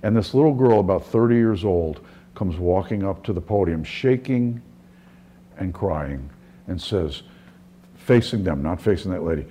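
A man's voice: low-pitched, expressive, a little slow, mellow, a little hiss or hum. A middle-aged man preaching a sermon as a pastor, telling stories conversationally and often restarting his sentences. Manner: conversational storytelling with frequent restarts.

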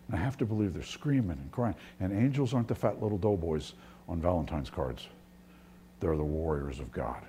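A male pastor preaches in a low, mellow voice. He talks earnestly, stumbling over restarts and at times sinking almost to a whisper. A faint hum sits behind him. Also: moderate pace. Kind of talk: sermon.

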